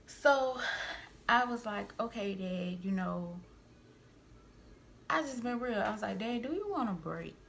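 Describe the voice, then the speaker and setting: Young woman ranting on her vlog, kinda low voice, lil bit of hiss behind. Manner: heated, animated storytelling with asides to viewers. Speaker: vlogger, single mother. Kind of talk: storytime vlog, venting to camera.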